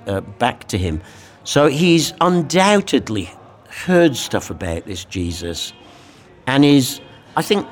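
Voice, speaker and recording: A man's voice: on the low side, a little hiss or hum. Reflective man discussing a Bible passage. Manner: reflective, animated, acts out quoted lines. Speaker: guest speaker explaining a Bible passage.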